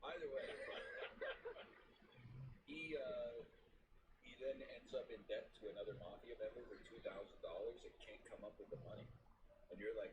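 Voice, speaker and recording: A man joking and swearing in casual chat with friends while streaming a game, telling stories with lively delivery. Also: mid-range voice, normal speed, pauses often, reverberant, recorded from a distance, background noise.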